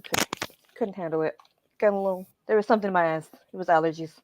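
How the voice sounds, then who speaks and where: A woman's voice: fairly low pitch, quick pace, dull audio, background noise. A woman co-hosting a show in casual chat, telling stories expressively and laughing often. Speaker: co-host.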